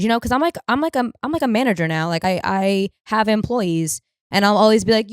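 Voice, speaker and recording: A woman's voice: medium pitch, fast talker, few pauses, clean tone, dry recording, studio quality. A young woman hosting a podcast, telling rambling, profane stories in a casual comedic monologue. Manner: rambling, profane, animated storytelling. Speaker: podcast host.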